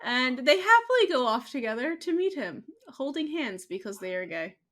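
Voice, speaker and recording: A woman co-hosting a podcast who sums up the plot in a relaxed, dry way and laughs at her own jokes. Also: high-pitched, normal speed. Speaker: podcast co-host. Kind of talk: casual recap chat.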